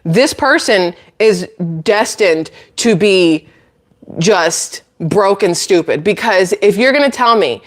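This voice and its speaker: A woman's voice: mid-range voice, lively intonation, slow. A woman hosting her own channel, ranting to camera in a blunt, sarcastic, incredulous way with exasperated laughs. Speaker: channel host.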